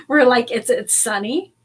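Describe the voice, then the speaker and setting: A woman co-hosting a live podcast, recapping a book chapter in casual chat, animated and laughing often as she acts out the characters. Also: on the high side, husky. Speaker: podcast co-host.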